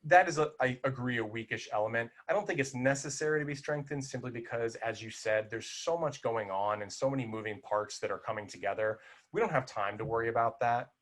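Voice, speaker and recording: A man's voice: mid-range voice, brisk. A man co-hosting a film podcast, talking casually and with animation, full of restarts and fillers. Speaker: podcast co-host.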